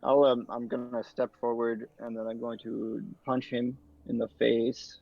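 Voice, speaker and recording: A man playing a tabletop game, speaking calmly and in a measured way. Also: medium pitch, gravelly. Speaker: player. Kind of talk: casual tabletop play. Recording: dull lo-fi mic.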